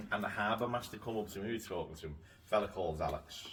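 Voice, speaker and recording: Low-voiced man telling a story. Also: animated, fairly quick. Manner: storytelling, swears casually. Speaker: boat owner and show regular. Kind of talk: casual chat. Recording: distant mic with faint noise.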